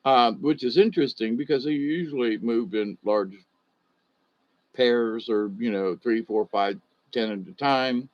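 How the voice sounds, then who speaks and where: A man's voice: mid-range voice, a little slow, no echo, dull audio. A man, telling folksy stories and rambling with chuckles. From Georgia, US. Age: 60s. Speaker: monologue host.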